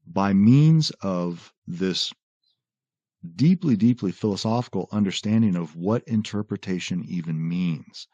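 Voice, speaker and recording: A man explaining philosophy in a conversational lecture, quoting texts and often pausing on "uh" and "right?". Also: low-pitched, no room sound, highs cut off. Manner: animated explainer, quotes texts, frequent "uh" and "right?". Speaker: podcast guest explaining philosophy.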